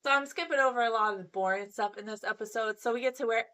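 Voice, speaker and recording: A woman's voice: fairly high pitch, quick pace, bright, forceful tone. A woman giving a casual, gossipy recap of a reality show, chatting freely and acting out what people said. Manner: chatty, gossipy, acts out quotes. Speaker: recap vlogger.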